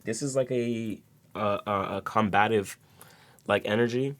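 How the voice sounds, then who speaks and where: A man's voice: fairly low pitch, unhurried, a bit bright. A man giving a casual tarot reading to his viewers, rambling with repeated words and many fillers. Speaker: tarot reader.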